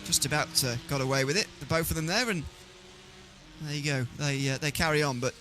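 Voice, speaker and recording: A man's voice: on the high side, brisk, pushed and bright, a little hiss or hum. A man giving live sim racing commentary, chatty and teasing his co-commentator.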